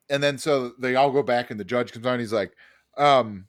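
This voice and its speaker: A podcast co-host with a mid-range voice and moderate pace tells a story in casual chat. His telling is packed with fillers, restarts and swearing.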